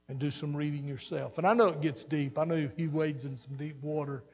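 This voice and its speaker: A man's voice: a little high, fairly even intonation, moderate pace, darkish tone, dull audio. An older man pastor preaching an earnest sermon, repeating phrases for emphasis, recorded in a church hall. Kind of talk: sermon teaching. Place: church sanctuary.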